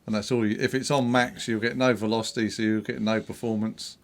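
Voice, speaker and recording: Calm man co-hosting a demo. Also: lowish voice, fairly quick. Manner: calm, explanatory. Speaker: co-host. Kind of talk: casual gear demo chat.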